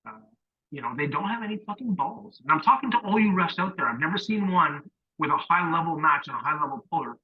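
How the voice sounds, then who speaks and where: Brief: husky male podcast co-host, stern profane rants, dull muffled sound. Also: on the high side, lively intonation, fast talker. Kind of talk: casual podcast chat.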